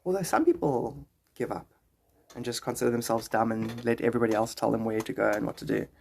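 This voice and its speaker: A man's voice: medium pitch, quick pace, gravelly, darkish tone, slight background noise. A man streaming live and chatting casually with his viewers, rambling, joking and greeting them by name. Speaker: livestreamer.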